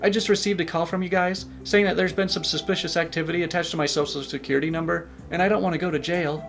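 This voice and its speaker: A man's voice: on the high side, expressive, quick pace, soft background music, voice pushed up. A man playing a fake-panicked caller. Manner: anxious, pleading, mock-indignant. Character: panicked man faking anxiety to a scammer.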